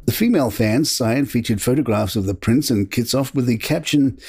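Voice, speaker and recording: Gravelly-voiced male news podcast host. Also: mid-range voice. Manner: measured, steady delivery of headlines. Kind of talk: scripted royal news reading.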